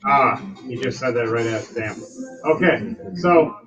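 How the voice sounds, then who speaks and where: A man's voice: medium pitch, expressive, a little slow, muffled recording, background noise. A man acting as game master, describing scenes step by step and calling on players in turn. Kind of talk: narrating a tabletop game. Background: music.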